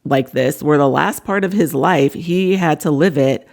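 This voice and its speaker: A woman's voice: sits low, a little slow, vocal fry, darkish tone. A woman hosting a casual book breakdown vlog, earnestly retelling the plot at length. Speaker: book reviewer.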